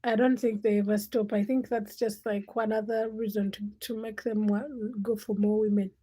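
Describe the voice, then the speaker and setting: A woman's voice: fairly high pitch, little pitch movement, normal speed, mellow. A young woman hosting a casual late-night livestream, chatting and teasing viewers by name as she reads their comments. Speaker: livestream host.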